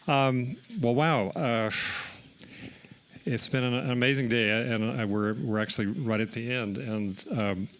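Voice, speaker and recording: Male symposium host, mid-pitch, upbeat, casual closing remarks. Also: steady tone, a little slow. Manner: upbeat, loose, with restarts and fillers. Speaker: event host.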